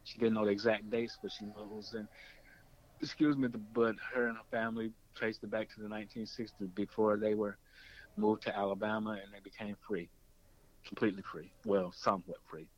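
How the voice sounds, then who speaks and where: A man's voice: fairly quick, dull audio. A man, a documentary filmmaker and former radio producer, telling a long story in an interview and acting out the people he quotes. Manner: animated, acts out quoted voices with pitch jumps.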